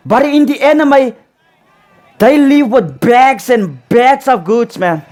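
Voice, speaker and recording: A man with a high voice gives casual reaction commentary on a show. He repeats his points over and over and tacks "man" onto almost every sentence. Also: animated, takes it slowly, darkish tone. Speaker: reaction video host.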